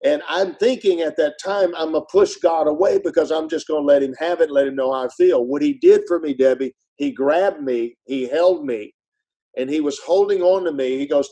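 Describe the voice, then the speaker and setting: Earnest man with a mellow voice. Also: brisk, slightly rough, poor audio. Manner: earnest storyteller, voice drops low and soft in grief. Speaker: pastor and author, podcast guest. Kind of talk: conversational preaching.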